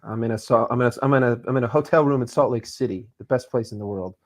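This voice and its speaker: A man's voice: medium pitch, fast. Laid-back man calling from a hotel room. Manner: stumbling restarts, laid-back. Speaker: guest. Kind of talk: casual chat. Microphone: video call stream.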